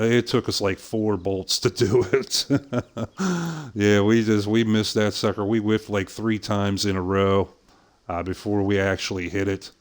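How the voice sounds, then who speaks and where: A middle-aged man from Pittsburgh with a softened Pittsburgh accent, casually chatting with viewers while streaming a hunting game, full of "uh" fillers and easy laughs. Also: on the low side. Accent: softened Pittsburgh American. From southwest Pennsylvania, USA. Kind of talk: casual live-stream commentary.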